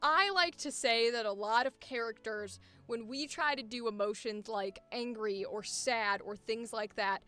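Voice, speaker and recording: A woman's voice: fairly high pitch, a little slow, hardly any pauses, pushed and bright, clean tone. A young woman coaching a voice actor, explaining animatedly and acting out examples. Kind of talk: coaching session.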